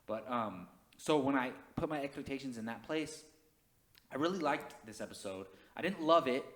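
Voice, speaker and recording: Excitable male podcast co-host. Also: medium pitch, normal speed. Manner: excitable, laughs easily. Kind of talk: casual podcast chat.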